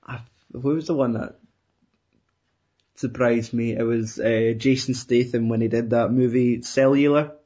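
A man with a husky voice at a typical middle male pitch hosts a loose, casual chat, telling rambling stories, laughing easily and steering things with questions. His tone is steady, unhurried and warm. The sound is slightly dull and lo-fi.

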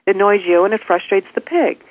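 Speaking quickly and expressively at medium pitch, a woman author calls in by phone as a guest expert for an interview. She offers practical advice as numbered steps, heard through a tinny phone line.

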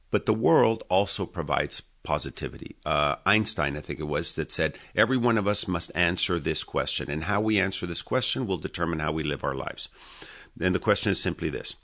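A man in his fifties, a podcast guest, talking in a conversational storytelling way and acting out quoted dialogue. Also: sits low. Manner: animated, acts out quoted dialogue.

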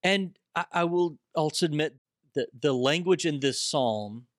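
A man's voice: on the high side, measured pace, dry recording, clean studio sound. Earnest man leading a bible discussion. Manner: earnest, preacherly. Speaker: discussion panelist.

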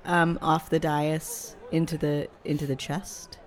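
A woman's voice: low voice, level tone, measured pace. A woman taking her turn as a player in a tabletop game, hesitant and full of fillers. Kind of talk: casual tabletop play.

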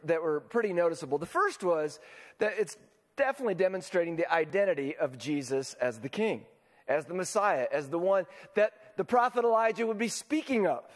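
A high-pitched pastor preaches in a large hall, speaking casually and often asking his listeners questions to check in with them.

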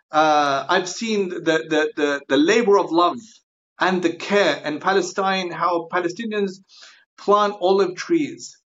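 A man speaking as a guest scholar on a podcast, earnest and halting, often repeating and restarting words. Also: high-pitched, fairly bright tone, lo-fi sound. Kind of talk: podcast interview discussion.

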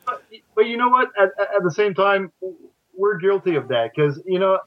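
A man with a fairly high voice, a catch wrestling teacher chatting as a guest. He talks haltingly and leans on fillers and repeated starts. The sound is dry and dull, like a lo-fi line. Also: lively intonation, no room sound. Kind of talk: casual podcast chat.

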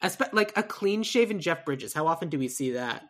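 A woman hosting a podcast in casual, animated chat, laughing often and swearing casually. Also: sits low, moderate pace.

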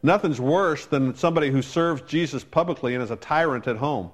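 A man's voice: on the high side, a little fast. A man preaching a sermon as a pastor, telling a personal story in a conversational way with wry asides.

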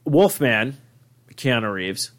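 Excitable swearing man in casual chat. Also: mid-range voice, slow. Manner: excitable, swears a lot, animated storytelling.

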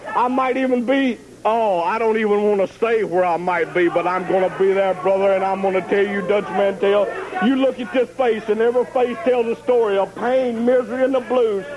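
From a low-quality archive TV clip with a cheering crowd, a man cuts a boastful, taunting wrestling promo full of rhyming, preacher-style brags. His voice sits high, with a steady tone at normal speed.

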